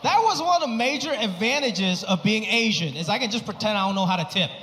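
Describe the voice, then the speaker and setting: A male stand-up comedian performing a live set, animated and acting out other people's voices. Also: fairly quick. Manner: animated, acts out other people with big pitch jumps. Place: comedy stage before a live audience. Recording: live hall reverb with crowd noise.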